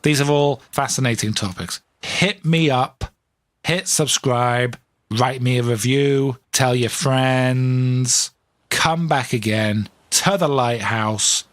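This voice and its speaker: A man's voice: mid-range voice, takes it slowly, soft background music. A man hosting a solo podcast, rambling in a crude, sardonic way with frequent swearing. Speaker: podcast host.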